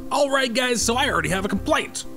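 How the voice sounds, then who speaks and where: A man talks through a golf video game in a bright, high voice. He leaps from squeaky yelps to grumbling lows and keeps up a sarcastic, excitable running commentary. Faint music plays underneath. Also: a little fast. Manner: excitable, sarcastic, jumps between high yelps and low mutters. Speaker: gaming YouTuber. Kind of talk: gameplay commentary.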